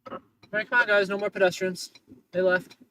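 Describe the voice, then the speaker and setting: A man's voice: high-pitched, fairly even intonation, fairly quick, bright, forceful tone, a little hiss or hum, poor audio. A man livestreaming casual, sarcastic commentary from inside his car as he drives city streets, complaining about other drivers.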